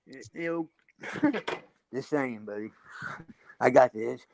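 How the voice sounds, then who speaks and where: A man's voice: mid-range voice, slow, vocal fry, darkish tone, no room sound. A man chatting casually on a live video call panel, rambling as he shows off things he built. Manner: rambling, shows off his stonework and builds. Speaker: panel guest.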